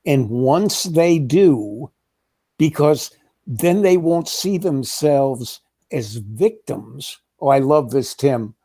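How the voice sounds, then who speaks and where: Slow, mellow-voiced wry man. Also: mid-range voice, expressive, slightly rough. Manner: wry, measured, sardonic. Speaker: co-host. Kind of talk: casual political chat.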